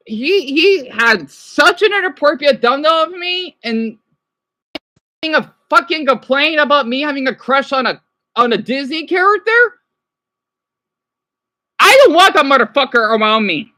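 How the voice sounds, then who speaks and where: High, lively-voiced man ranting. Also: measured pace. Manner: agitated, swearing, restarts, answers chat. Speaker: livestreamer. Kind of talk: ranting live stream monologue.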